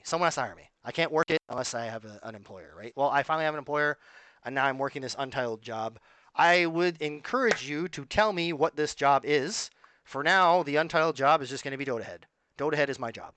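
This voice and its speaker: A man's voice: fairly high pitch, bright, forceful tone, no echo. A man talking to his viewers in a casual, rambling monologue, emphatic and full of asides. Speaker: vlogger.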